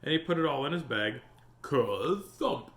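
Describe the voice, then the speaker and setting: A man's voice: on the high side, fast. A man hosting a storytime, reading a picture book aloud and chatting with viewers. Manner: animated, chatty, greets viewers. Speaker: storytime host. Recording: roomy echo.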